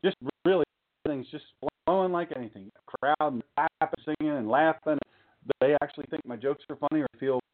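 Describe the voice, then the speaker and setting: Joking preacher on a tinny line. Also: male voice, fairly high pitch, fairly quick. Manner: chatty, joking asides, rhetorical questions. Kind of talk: informal sermon talk. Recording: tinny phone-like sound.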